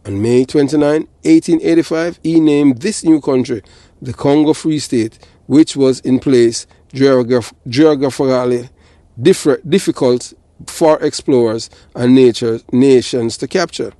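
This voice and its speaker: A man's voice: medium pitch, unhurried, mellow, dry recording. A man with a Jamaican accent, hosting a casual commentary on history that mixes patois chat with reading passages aloud. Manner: slips into patois and often asks "you understand?".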